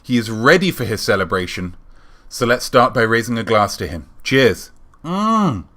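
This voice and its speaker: A man hosting a live-stream show, chatting with viewers in a playful, mock-grand and deadpan way while reading out their names. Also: on the low side, normal speed. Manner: reads out viewer names in a running patter. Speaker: livestream host.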